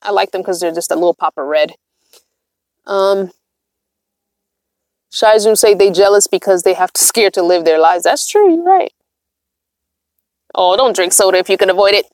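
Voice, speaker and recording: Speaking from inside her van, a woman vlogger who lives there chats casually on a livestream, reading comments aloud and laughing a lot. Her medium-pitched, darkish voice stays fairly even at a moderate pace, with long pauses and no echo.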